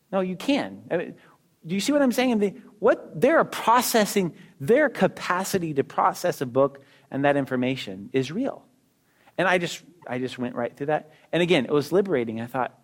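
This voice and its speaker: A middle-aged man teaches casually and conversationally about reading books, addressing listeners directly with quick asides and rhetorical questions. He's a teacher discussing a book on reading, and his voice is on the high side and very animated.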